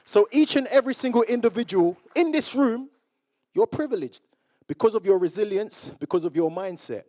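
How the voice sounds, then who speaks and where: A young man from Jamaica giving a motivational speech to a live audience, telling his story in a lively way and acting out old conversations. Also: sits high, moderate pace. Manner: animated storyteller who acts out remembered dialogue. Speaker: public speaker. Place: awards event room with audience.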